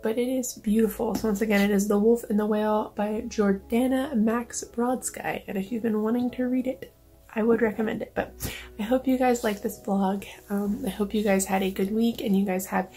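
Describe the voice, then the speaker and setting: A woman's voice: a little high, fairly even intonation, moderate pace, dark tone, husky. A woman vlogger talking casually and emotionally, close to tears, with many fillers. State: near tears. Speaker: book vlogger. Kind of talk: casual vlog talk.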